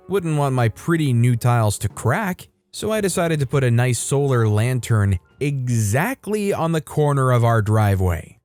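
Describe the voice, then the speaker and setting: A man's voice: medium pitch, a little mellow. A man narrating online stories aloud, reading them out and adding wry comments between them. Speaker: story narrator.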